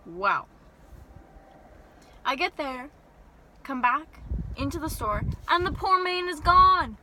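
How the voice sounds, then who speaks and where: A young woman with a high, bright voice tells an exasperated story-time rant in lively bursts. She is sitting in a parked car, and a faint hum of the car and road runs under her voice. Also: slow, rough recording. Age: young adult. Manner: animated storytelling with exasperated asides. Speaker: vlogger.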